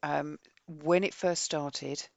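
A woman's voice: low voice, takes it slowly, creaky, no echo, highs cut off. A British woman co-hosting a podcast, chatting bluntly and expressively about a book she read. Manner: chatty, blunt and expressive, reads a synopsis aloud. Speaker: podcast co-host. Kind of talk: casual chat about books.

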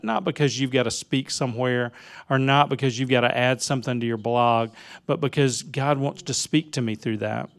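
A man's voice: mid-range voice, vocal fry, smooth. A man in a church leading an earnest spoken prayer for the speaker.

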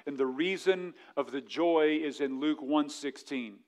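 Fervent high-voiced male preacher. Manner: fervent preaching, swings from hushed to emphatic; mocking voices of others in quick asides. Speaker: pastor. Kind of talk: sermon.

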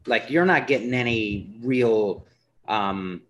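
A man's voice: fairly low pitch, muffled recording. A man from Newfoundland with a Newfoundland accent, hosting a podcast in casual, rambling chat and laughing easily. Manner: chatty, rambling, quick to laugh. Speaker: podcast host.

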